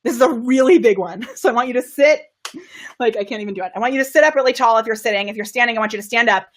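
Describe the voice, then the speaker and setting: An excitable woman coaches her viewers during a live video stream. Her voice sits a little high, and she laughs and bursts with energy as she talks. Her microphone is kept well away from her. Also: very fast. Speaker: camera confidence coach. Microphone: microphone kept far from her.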